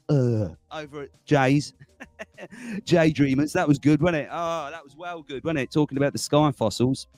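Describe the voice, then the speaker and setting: Man in his forties, livestream host, excitable casual chat, dry close sound, faint music behind. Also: fairly high pitch, normal speed, no echo. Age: 40s. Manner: chatty and excitable, laughs often.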